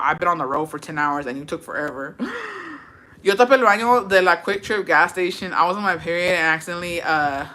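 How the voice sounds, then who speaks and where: A woman chats casually on a livestream and reads out viewer comments. Her bright, sharp-edged voice carries brash, profane storytelling, and she mixes English with Spanish as she goes. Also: on the low side. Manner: switches between English and Spanish. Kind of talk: casual chat.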